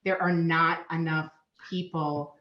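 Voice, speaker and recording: A woman's voice: low-pitched, level tone, takes it slowly. Woman, Minnesotan accent, middle-aged, upbeat and chatty, muffled lo-fi sound. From Minnesota, USA. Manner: chatty, upbeat, frequent ums and laughs. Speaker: guest, payments market manager. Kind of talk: casual interview chat. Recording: echoey, dull lo-fi remote audio.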